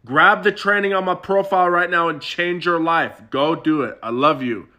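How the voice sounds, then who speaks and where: A man giving a scripted social media ad as a self-help coach, with an urgent and direct sales pitch. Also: normal speed, very noisy.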